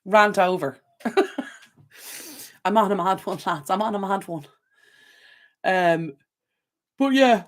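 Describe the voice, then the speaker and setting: A woman's voice: medium pitch, animated, takes it slowly, pauses often. Rambling, chatty Irish woman. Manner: chatty, rambling rants with lots of fillers. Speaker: channel host. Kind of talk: live stream chat with viewers. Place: home desk. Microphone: desk camera mic.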